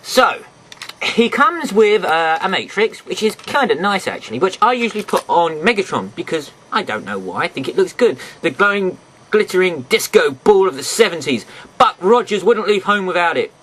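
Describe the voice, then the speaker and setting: A man's voice: high-pitched, sing-song, moderate pace, a bit bright, slight background noise, poor audio. A man giving a casual toy review to the camera, rambling and chatty, talking straight to his viewers from home. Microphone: camera mic, sometimes off camera.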